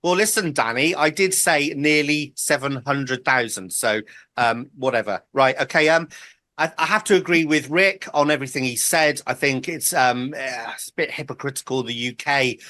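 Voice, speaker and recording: Opinionated male guest, sharp tone, dry sound. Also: mid-range voice, normal speed, dry recording. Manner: blunt, opinionated, many ums. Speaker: panel guest, fellow show host. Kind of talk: panel news debate.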